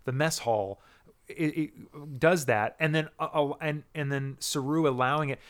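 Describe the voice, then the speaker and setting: A man's voice: fairly high pitch, a little slow. Rambling man co-hosting a podcast. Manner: rambling, with many restarts. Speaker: podcast co-host. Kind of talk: casual chat.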